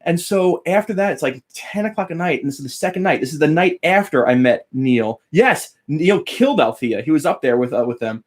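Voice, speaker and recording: A man's voice: on the high side, brisk, few pauses. A young adult man, a guitar teacher, eagerly telling a personal story in casual chat, laughing often and acting out what others said. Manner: animated, laughing, quoting others with voice changes.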